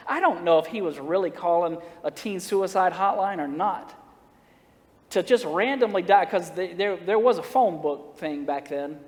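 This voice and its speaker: A man preaching a storytelling sermon, folksy and humorous, acting out the dialogue of his story. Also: sits high. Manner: folksy, humorous, acts out dialogue, laughs at own jokes. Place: church sanctuary. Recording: long reverb of a church sanctuary.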